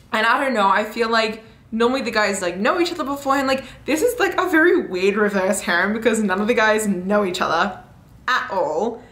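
A young woman chats through a book review vlog with lively, animated energy, tossing in fillers and laughing along the way. Her voice sits mid-range, and the room around her rings with a noticeable echo. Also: medium pitch. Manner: chatty and animated, many fillers, laughs often. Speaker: book vlogger.

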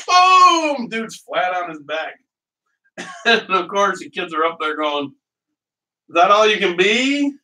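A middle-aged man with a bright, fairly high voice rambles through his stories while he cooks. He laughs often as he talks. The mic sits some way off, so he sounds a little distant in his home kitchen. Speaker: cooking show host. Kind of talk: casual chat while cooking. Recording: voice heard from a distance.

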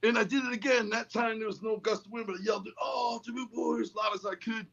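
A man from the Detroit area, a guest in an interview, telling a story in an excitable, rambling way, full of restarts and asides. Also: sits high, fast talker, highs cut off. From Detroit area, United States.

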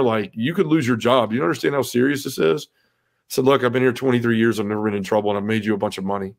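Man, middle-aged, podcast guest, heartfelt personal testimony, conversational asides, flat even pitch. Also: gravelly. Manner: earnest, heartfelt storytelling, frequent "you know" asides.

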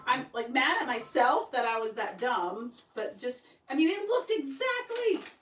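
A woman's voice: a little high, expressive, moderate pace, fairly bright tone. A woman, chatting casually on a live stream from her embroidery workroom and answering viewer comments, often calling herself dumb. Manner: chatty, self-deprecating, reads out viewer comments. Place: home craft workroom with a sewing machine running. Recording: roomy echo, distant mic, faint noise.

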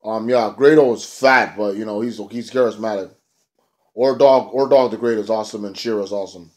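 A man giving a casual, rambling review of a wrestling show, excitable and profane. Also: on the low side, brisk.

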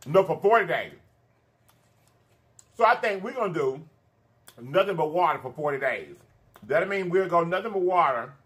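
A man's voice: on the high side, expressive, a bit bright. Chatty man eating on camera. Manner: chatty, drawn-out "honey" and "baby" asides, hums while eating. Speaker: mukbang host. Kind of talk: casual eating-show chat.

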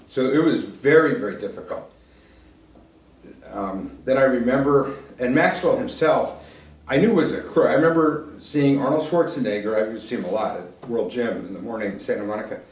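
A man's voice: on the low side, darkish tone. Older man telling a story in an echoey room. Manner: conversational, acts out quoted dialogue. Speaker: keynote speaker. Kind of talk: storytelling talk. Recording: echoey room, voice from some distance.

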